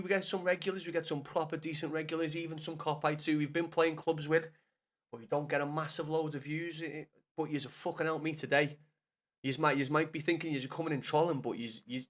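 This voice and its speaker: A man's voice: fairly high pitch, fairly bright tone. Sweary hungover Scouse man streaming. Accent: Liverpool Scouse. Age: 30s. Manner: rambling, sweary, repeats and restarts. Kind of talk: casual live-stream chat to viewers.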